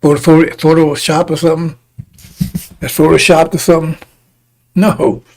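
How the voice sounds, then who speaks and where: A man's voice: fairly high pitch, little pitch movement, moderate pace, gravelly, a little mellow, a little hiss or hum, low-quality recording. A man preaching in a combative, rambling way, often breaking off to ask "see?". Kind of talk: fiery preaching broadcast.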